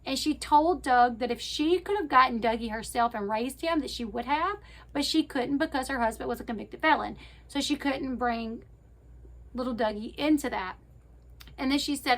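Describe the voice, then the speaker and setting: A YouTube commentator with a high-pitched voice retells a reality show at a moderate pace, chatting casually and speaking straight to her viewers. She fills her sentences with fillers and keeps correcting herself.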